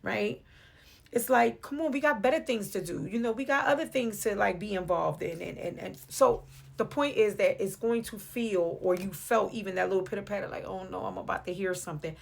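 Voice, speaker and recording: A woman's voice: mid-range voice, fairly quick, creaky. Chatty New York woman reading tarot. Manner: chatty, playful, addresses viewer as beloved. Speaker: tarot reader. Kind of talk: casual spiritual reading to camera. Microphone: phone or webcam on video.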